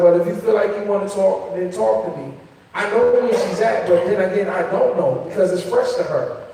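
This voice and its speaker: A man's voice: high voice, warm tone. Earnest man in an echoey hall. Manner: earnest, conversational, repeats words as he speaks. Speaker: poet on a discussion panel. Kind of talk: candid panel talk. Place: event hall with an audience. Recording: echoey hall, mic heard from a distance.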